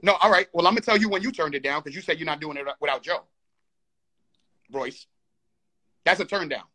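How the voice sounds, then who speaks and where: Guy with a high sharp voice going back and forth on a live call, keeps repeating himself. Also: fairly quick. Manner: insistent, repeats himself, talks over others. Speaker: participant in a heated live call. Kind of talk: heated argument.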